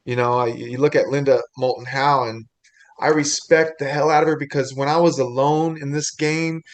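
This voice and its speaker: A man's voice: medium pitch, steady tone, normal speed. A man co-hosting a casual podcast, rambling and chatty, often laughing between thoughts. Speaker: podcast co-host.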